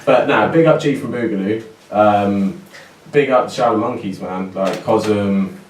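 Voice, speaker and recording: A man's voice: lowish voice, a little slow. A man, a rapper guest telling stories in casual podcast chat, full of slang and swearing. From England. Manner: animated storytelling, heavy slang and swearing. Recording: roomy distant recording, faint noise.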